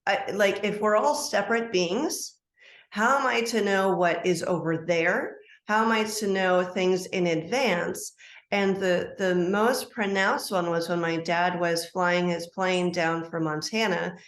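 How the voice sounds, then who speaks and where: A middle-aged woman, a life coach, telling a personal story as a podcast guest, animated and acting out quoted dialogue. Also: on the low side, unhurried. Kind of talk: storytelling interview answer. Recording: roomy echo.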